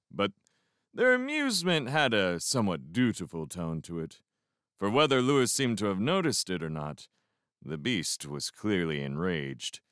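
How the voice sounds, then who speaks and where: A man reading a novel aloud as an expressive first-person fan audiobook narrator. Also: lowish voice, no echo, clean studio sound. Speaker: audiobook reader.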